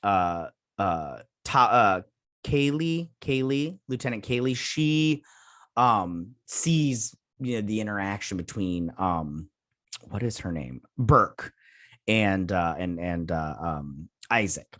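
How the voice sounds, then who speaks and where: A man's voice: fairly low pitch, lively intonation, slow pace, fairly bright tone, no echo, studio quality. A man hosting a TV review channel, recapping an episode in a casual, rambling way, with lots of fillers and restarts.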